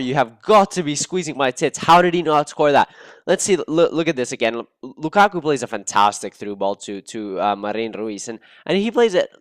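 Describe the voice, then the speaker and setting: Excitable young man commenting on gameplay. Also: mid-range voice, moderate pace, no echo. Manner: excitable, cursing, bursts of outrage at misses. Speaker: gaming channel host.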